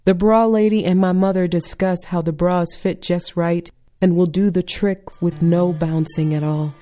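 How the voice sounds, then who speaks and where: A woman performing a wry spoken-word personal story in a deliberate delivery, with faint music behind. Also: fairly low pitch, fairly even intonation, mellow.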